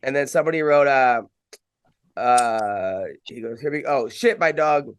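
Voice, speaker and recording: A man's voice: mid-range voice, moderate pace, clear, resonant tone. A man hosting a podcast, asking rambling, joking questions with frequent restarts. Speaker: podcast host. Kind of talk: casual podcast interview.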